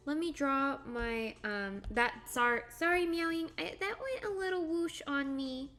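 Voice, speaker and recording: A young woman streams as she draws, talking slowly and easily in a high, bright voice. She giggles and thinks aloud for her viewers. Soft music plays behind her. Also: expressive. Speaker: livestreamer. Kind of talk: casual live-stream chat while drawing.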